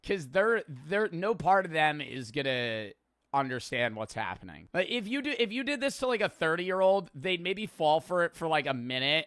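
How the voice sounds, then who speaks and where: A man's voice: a little high, very animated, normal speed, fairly bright tone, clean tone, no room sound, clean studio sound. A young man streamer giving blunt, profane, rambling commentary while reacting to a prank video.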